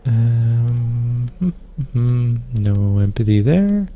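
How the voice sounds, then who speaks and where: A man's voice: medium pitch, drawn-out words, mellow, muffled recording. A man hosting a let's play, making dry, offhand remarks as he plays through a game. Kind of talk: casual gameplay commentary.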